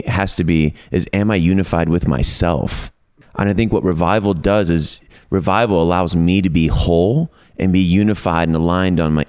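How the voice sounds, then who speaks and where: A very low, deep male voice from Detroit, speaking as an energetic podcast guest. The sound is dry and close, with no room echo. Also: smooth. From Detroit, USA. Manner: energetic, playful, reflective. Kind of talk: casual interview.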